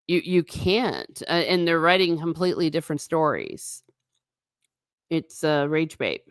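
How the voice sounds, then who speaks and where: A woman hosting a casual livestream, rambling in an animated way and talking straight to her viewers in chat. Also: lowish voice, clear, resonant tone, no room sound, studio quality. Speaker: livestream host.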